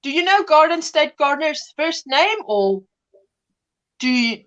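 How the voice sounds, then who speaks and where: A woman's voice: high-pitched, big pitch swings, a little slow, a bit bright, highs cut off. A woman in her fifties hosting a crochet livestream from home, chatting casually, greeting viewers and laughing often as she tells stories. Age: 50s. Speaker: livestream host. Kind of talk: casual chat reading viewer comments.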